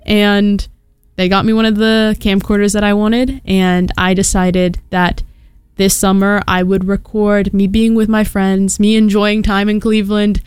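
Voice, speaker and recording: A woman in her early twenties talking casually on her own podcast, chatty and self-deprecating with quick laughs. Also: mid-range voice, clean tone, dry recording, studio quality. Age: 20s. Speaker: podcast host. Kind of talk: casual solo podcast chat.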